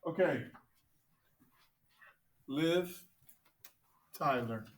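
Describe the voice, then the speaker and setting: A man teaching a math class, joking with students and quizzing them with quick questions. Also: fairly high pitch.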